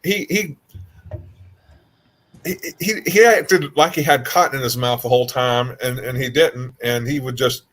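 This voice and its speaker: A man asking questions in a casual livestream chat, halting and restarting often. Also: medium pitch, a bit bright. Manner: hesitant, many restarts.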